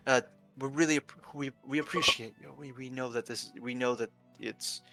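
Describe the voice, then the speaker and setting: A man voicing a humble, grateful goblin trader who speaks haltingly. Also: mid-range voice, fairly even intonation, loud music behind the voice, lightly acted. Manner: fawning, hesitant.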